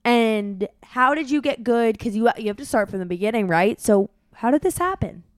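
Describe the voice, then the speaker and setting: A woman's voice: a little high, animated, normal speed, no room sound, clean studio sound. A woman interviewing her son, talking eagerly and prompting him with short questions as she retells a story. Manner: acts out voices while retelling. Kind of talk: casual storytelling chat.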